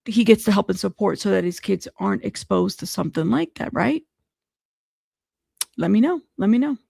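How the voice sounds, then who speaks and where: A host of a live news show, reacting animatedly and pleading between bursts of laughter. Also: female voice, mid-range voice, expressive, normal speed, vocal fry, warm tone, husky, dry recording, studio quality. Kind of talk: casual commentary.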